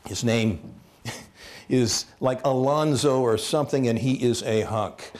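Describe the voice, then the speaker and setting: A man giving a comic storytelling talk as guest speaker at a college, animated and jokey, acting out voices. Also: medium pitch, measured pace. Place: lecture hall at a college.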